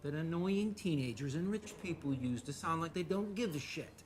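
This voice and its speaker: A man's voice: fairly high pitch, expressive, moderate pace, a little hiss or hum, lightly acted. An actor playing a blunt adult male customer who sarcastically mocks a barista. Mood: deadpan. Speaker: coffee shop customer.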